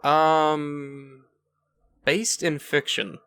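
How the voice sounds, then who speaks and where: A man's voice: on the high side, little pitch movement, extremely slow, fairly bright tone, smooth, no echo. A man co-hosting a casual podcast chat, making dry, profane jokes. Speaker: podcast co-host.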